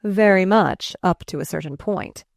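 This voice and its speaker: A charming, flustered gentleman, voiced by a woman reading an audiobook talks to a child with fond teasing that keeps slipping into unease. The voice sits fairly low and the recording is dry, with no room sound. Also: normal speed, gravelly, no room sound.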